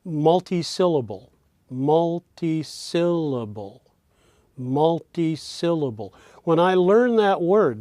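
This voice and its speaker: A man gives a recorded lesson in a slightly high voice. He talks slowly and repeats example words again and again to show how their pitch moves. The sound is dry and close, with no room around it. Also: darkish tone, dry recording. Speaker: teacher.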